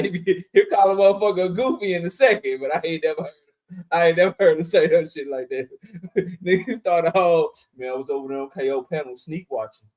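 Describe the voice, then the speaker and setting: A young man hosting a casual livestream, shouting out viewers in chat and joking around with loud, profane banter. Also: a little high. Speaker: livestream host.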